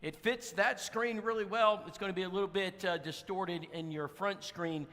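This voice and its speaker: A man's voice: high voice, steady tone, normal speed, a bit bright, big-room sound. A man preaching a storytelling sermon as a guest preacher, folksy, with many fillers and restarts. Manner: acts out voices in his stories. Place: church auditorium.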